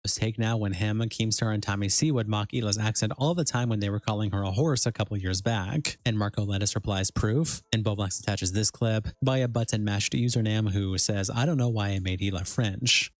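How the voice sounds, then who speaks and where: A man narrating online drama, reading out posts and replies in a flat recap delivery. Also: fairly low pitch, fairly quick, hardly any pauses, no room sound.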